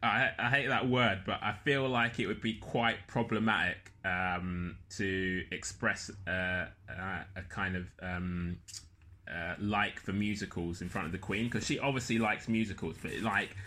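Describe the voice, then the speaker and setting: Rambling man, bright voice. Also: sits low, steady tone, unhurried. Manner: rambling, self-mocking, many fillers. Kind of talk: casual chat.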